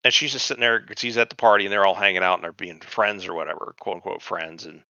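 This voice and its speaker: A man's voice: deep voice, quick pace, smooth, no room sound, muffled recording. A man co-hosting a podcast, bluntly retelling and mocking scenes from a TV show with lots of swearing. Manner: blunt, profane, animated retelling. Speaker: podcast co-host. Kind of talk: profane casual chat about a TV show.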